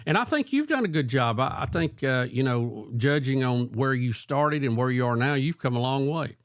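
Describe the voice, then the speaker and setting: Older Southern man, unhurried host. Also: medium pitch, lively intonation, no room sound, studio quality. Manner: easygoing, halting with repeated starts. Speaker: podcast host. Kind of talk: casual chat.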